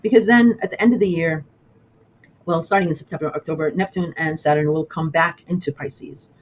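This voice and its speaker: A man giving a casual horoscope talk as an astrologer, halting and rambling with many fillers and restarts, emotional and quick to laugh. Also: a little high, slight background noise, poor audio.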